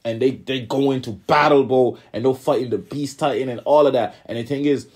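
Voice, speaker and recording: A young man talks loosely through an anime episode in a casual commentary voice. His speech rambles, full of slang and stuttered repeats. His pitch sits in an ordinary middle range. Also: fairly even intonation, fairly quick, a little mellow. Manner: rambling, slangy, repeats words and says "you know what I'm saying".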